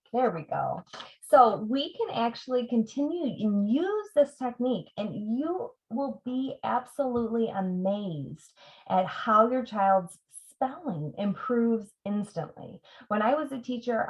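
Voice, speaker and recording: A middle-aged woman reading tutor leading a parent workshop, patiently breaking words into sounds as she demonstrates. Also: fairly high pitch. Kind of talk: teaching demonstration. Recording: dull lo-fi sound.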